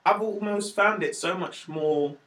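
A man tells stories in a relaxed podcast chat, his voice sitting a little high for a man. He slips into other people's voices as he goes, acting out what they said. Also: measured pace. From Wales. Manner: animated storyteller, acts out quoted voices. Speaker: stand-up comedian, guest. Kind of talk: casual podcast conversation.

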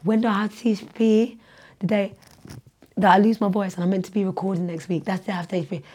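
A hoarse young woman, a teacher and singer who is losing her voice, chatting as a podcast guest and telling stories with animated energy. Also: medium pitch, quick pace. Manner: animated storyteller, shouts when quoting herself. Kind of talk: casual podcast chat.

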